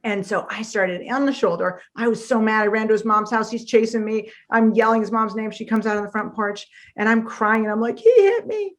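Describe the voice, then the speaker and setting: A woman's voice: fairly high pitch, level tone, brisk, hardly any pauses. A woman author, a guest in a conversational interview, telling stories with animation and acting out the voices she quotes.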